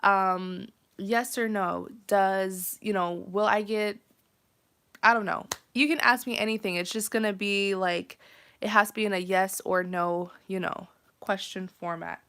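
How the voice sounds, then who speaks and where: A woman's voice: mid-range voice, fairly even intonation, a little slow, a bit bright, clear, resonant tone. A woman with a nasal, congested voice, hosting a casual tarot live stream, chatty and full of fillers. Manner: chatty, many fillers, laughs often. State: congested from travel.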